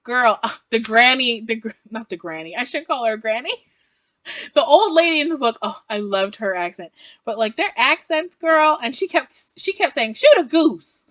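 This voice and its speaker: A woman's voice: a little high, expressive, moderate pace, fairly bright tone, dry recording. A young woman from the South, chatting casually and rambling as she reviews books, often laughing at herself. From American South. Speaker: book reviewer. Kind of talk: casual book-review vlog.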